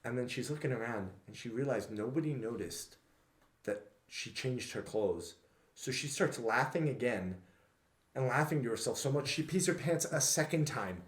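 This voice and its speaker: A man's voice: medium pitch, lively intonation, moderate pace. A young man co-hosting a casual podcast, telling funny stories and laughing often as he goes. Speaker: podcast co-host. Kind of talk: casual storytelling chat. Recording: roomy, echoey room.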